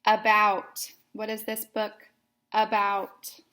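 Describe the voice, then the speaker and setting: A woman teaching young children in a slow, clear, patient way, spelling words out letter by letter in a sing-song manner. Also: medium pitch, completely flat delivery, bright, forceful tone. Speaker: kindergarten teacher.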